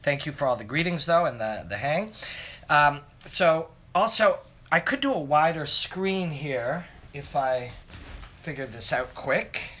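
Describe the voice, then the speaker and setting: A man's voice: fairly high pitch, expressive, unhurried, fairly bright tone. A man hosting a casual live stream, rambling through fight analysis and answering viewer comments from his phone. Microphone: phone camera.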